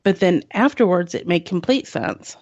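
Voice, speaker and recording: A woman's voice: lowish voice, lively intonation, moderate pace, a little mellow, no echo. A woman in a casual radio chat, giggly and telling stories. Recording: dull lo-fi radio audio.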